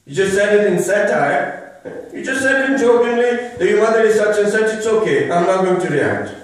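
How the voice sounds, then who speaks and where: A man's voice: sits high, lively intonation, moderate pace. A man giving an emphatic religious talk to a live gathering, repeating his phrases and pressing rhetorical questions. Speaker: religious speaker. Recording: very echoey room, voice from far off. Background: listeners murmuring responses.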